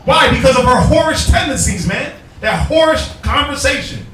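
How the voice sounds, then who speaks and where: A man preaching loudly on the street, calling out scripture readings and mocking in put-on voices. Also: very high voice, sing-song, moderate pace. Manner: loud, forceful, calls for verses and mocks in put-on voices. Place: outdoors on a street. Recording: echoey, from far off, faint noise.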